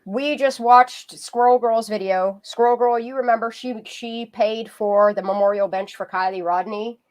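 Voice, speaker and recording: A woman's voice: a little high, fairly even intonation, normal speed, darkish tone. A woman hosting a casual livestream, talking loosely and swearing freely. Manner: loose, profane, chatty. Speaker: livestream host. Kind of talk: casual live-stream chat.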